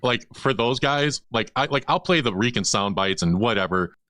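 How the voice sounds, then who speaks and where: A man's voice: mid-range voice, animated, normal speed, sharp tone, no room sound. A man in a casual chat, giving his opinion with lots of hedging and fillers.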